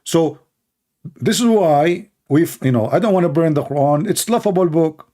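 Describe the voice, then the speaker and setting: A man's voice: fairly high pitch, animated, normal speed, dark tone. A man hosting a call-in show, talking in a sarcastic, scornful monologue with broken grammar and rhetorical questions. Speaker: show host taking calls. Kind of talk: mocking monologue commentary.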